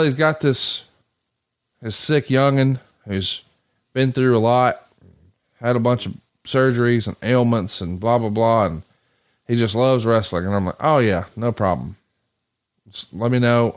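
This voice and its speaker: A man's voice: mid-range voice, moderate pace. A man hosting a podcast, telling a story in casual chat with plenty of swearing and acted-out quotes. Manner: profane, animated storyteller acting out quoted voices. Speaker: podcast host.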